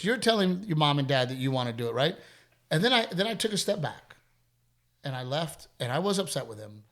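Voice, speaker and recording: Middle-aged guy hosting a podcast, kinda high voice, candid storyteller, repeats stuff for emphasis. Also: sing-song, a little fast, fairly bright tone. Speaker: podcast host. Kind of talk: casual podcast chat.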